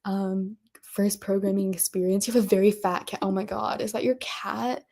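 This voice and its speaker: A woman with a mid-range voice hosts a workshop stream in an easygoing, chatty way. She gushes, giggles often and fills her talk with "um" and excited exclamations. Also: mid-range voice, moderate pace, vocal fry. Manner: bubbly, gushing, giggly, frequent "um" and "oh my God". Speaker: workshop host. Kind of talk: casual livestream commentary.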